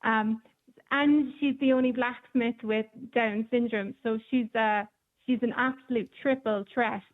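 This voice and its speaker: Heard through a phone line, a woman reporter talks casually on the radio, spinning stories with lots of ums. Her voice is fairly high with fairly even intonation, and she takes her time.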